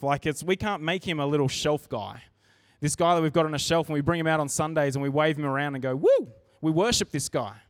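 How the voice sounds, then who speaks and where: A man preaches a church sermon earnestly, his voice pitched a bit high for a man, talking in a relaxed way and restarting sentences as he goes. Captured dry and close, the audio has little room sound and no echo.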